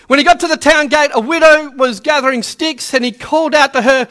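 A man preaching in a loose, conversational way, breaking into little acted-out quotes. His voice sits very high and sounds bright and forceful. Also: normal speed. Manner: chatty, storytelling, acts out quotes. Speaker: pastor. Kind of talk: sermon.

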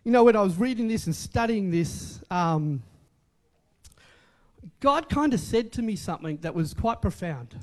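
Guy preaching, chatty, repeats stuff, asks the crowd questions, high voice that jumps around. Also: animated, moderate pace. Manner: conversational, repeats phrases for emphasis. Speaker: pastor. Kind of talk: sermon.

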